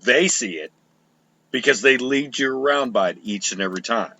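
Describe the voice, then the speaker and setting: A man's voice: mid-range voice, normal speed, gravelly, pushed and bright, highs cut off. A man hosting a live show, ranting with heat and sarcasm and plenty of swearing. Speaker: show host. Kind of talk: profane live political rant.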